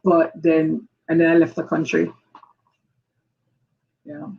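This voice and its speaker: A woman sharing her personal story as a guest, halting, with many restarts and fillers. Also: sits low, lively intonation, vocal fry, husky. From Jamaica. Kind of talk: personal testimony. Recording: dull lo-fi audio.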